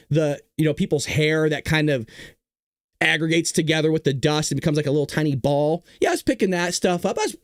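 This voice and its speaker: Talk show host, man in his 30s; high pitch, very animated delivery, jokey storyteller. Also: no room sound, clean studio sound. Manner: animated joking storyteller, laughs often. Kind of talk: casual livestream talk and storytelling.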